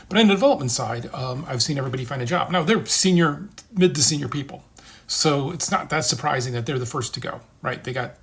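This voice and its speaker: A middle-aged game industry veteran offers advice in a casual livestream chat, speaking earnestly, reassuring listeners and repeating phrases for emphasis. His voice is medium-pitched and gravelly.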